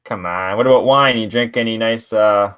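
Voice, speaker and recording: A Canadian man hosts a podcast, chatting casually in a laid-back way with lots of swearing and frequent laughter. His voice is lowish yet fairly bright and clean, at a moderate pace.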